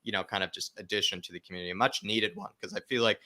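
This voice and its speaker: A man's voice: sits low, fairly even intonation, racing, bright, forceful tone. A man co-hosting a live football stream, rambling casually with lots of filler words. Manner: rambling, heavy use of "you know" and the co-host's name. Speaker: co-host of a football watchalong stream.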